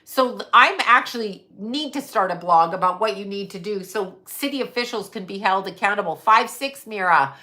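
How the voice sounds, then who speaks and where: Woman on a live stream ranting hard, swears a lot, sharp bright tone, reads chat out loud. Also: mid-range voice, expressive, normal speed, few pauses. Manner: blunt, profane venting; reads viewer comments aloud. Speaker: livestream host.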